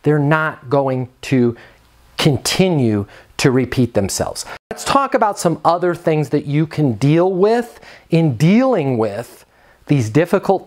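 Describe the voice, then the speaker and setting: A man's voice: mid-range voice, a little mellow. A man giving an instructional talk to camera as a property management trainer, earnest and coaching, repeating his key phrases.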